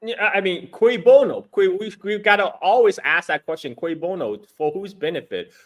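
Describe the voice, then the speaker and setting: A man's voice: high-pitched, lively intonation, moderate pace. A man giving casual political commentary, ranting with many restarts and repeated words; his is not English. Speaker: guest commentator.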